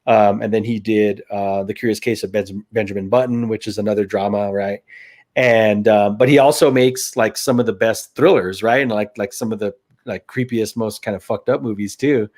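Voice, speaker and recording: A man's voice: on the low side, steady tone, moderate pace, darkish tone. A young man co-hosting a movie review show, talking casually with lots of fillers, restarts and swearing.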